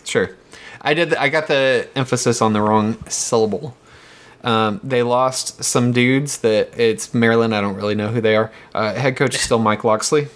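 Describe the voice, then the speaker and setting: Male podcast host, mid pitch, relaxed list-reading, casual chat delivery. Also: normal speed. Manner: relaxed, reads through a list with fillers.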